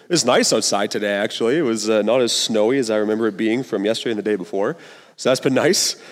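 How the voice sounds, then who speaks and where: A man's voice: lowish voice, fast talker. A young man in his twenties preaching a sermon as youth pastor, casual and conversational with fillers and asides, in a church. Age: 20s. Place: church sanctuary. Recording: long reverb of a large hall.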